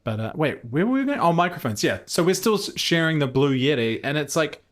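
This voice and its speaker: A man co-hosting a casual podcast chat, animated and playful, often trailing off mid-sentence. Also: fairly high pitch, a little fast. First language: not American English. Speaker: podcast co-host.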